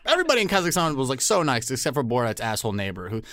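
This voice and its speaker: A man's voice: mid-range voice, wildly swooping pitch, very fast, crowd noise. A young man in casual podcast chat, laid-back and joking, now and then slipping into silly voices. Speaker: podcast co-host.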